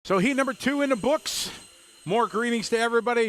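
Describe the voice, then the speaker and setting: A man's voice: very high-pitched, brisk, fairly bright tone. A man commentating a radio-controlled car race in a loose, chatty way, greeting viewers by name. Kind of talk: casual live race commentary.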